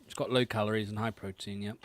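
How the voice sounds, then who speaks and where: A man's voice: fairly low pitch, flat delivery, quick pace, a little hiss or hum. A man co-hosting a long live fan stream from home, blunt and casual in his banter. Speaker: fan podcast co-host.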